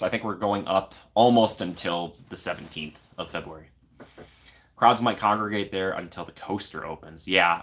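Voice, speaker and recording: Bright-voiced upbeat man live streaming. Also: fairly low pitch. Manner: chatty and upbeat, greets viewers by name in a sing-song voice. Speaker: YouTube live stream host. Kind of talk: casual live stream chat, reading viewer comments.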